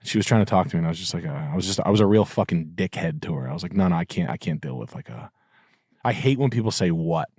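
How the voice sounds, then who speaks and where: A man's voice: low-pitched, lively intonation, very fast, darkish tone, slightly rough, dry recording, studio quality. Sardonic, profane man telling a story. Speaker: podcast host. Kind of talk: casual storytelling chat.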